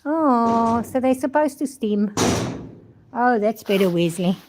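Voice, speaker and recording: A woman's voice: on the high side, expressive, takes it slowly, noisy background. An older woman from South Africa chatting casually in a vlog outdoors at a horse stable, rambling and talking fondly to her horses, recorded on a handheld phone. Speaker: vlogger.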